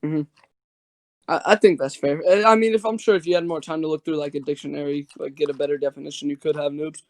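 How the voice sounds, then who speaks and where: Brief: male debater, slightly high voice, rambling filler-heavy delivery. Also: fairly even intonation, quick pace. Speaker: debater and channel host. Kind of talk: casual online debate.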